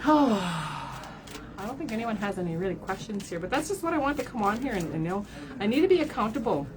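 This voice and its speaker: On a rough recording with a crowd audible behind her, a woman talks in a sing-song, mid-range voice at a slightly quick pace. Reading cards for her followers as a spiritual advisor, she speaks frankly, curses, and keeps tacking "right?" onto her lines. The livestream is emotional, and now and then she seems near tears.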